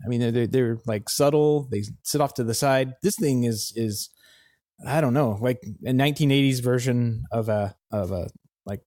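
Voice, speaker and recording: A man co-hosting a tech podcast, chatting casually and haltingly with frequent restarts and repeated words. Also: medium pitch, darkish tone, dry recording, studio quality. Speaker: podcast co-host.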